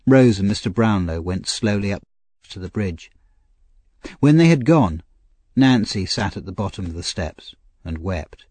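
A man narrating an audiobook novel, slow, clear and expressive. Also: lowish voice, dry recording.

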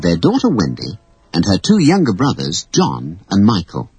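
A storyteller reading a children's story in an expressive, animated way. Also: sits low, moderate pace, music in the background, rough recording.

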